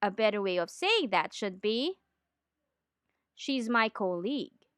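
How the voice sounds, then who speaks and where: A woman giving a scripted lesson on training, in a clear, deliberate teaching manner. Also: medium pitch, big pitch swings, fairly bright tone, no room sound, studio quality. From Philippines. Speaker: accent trainer.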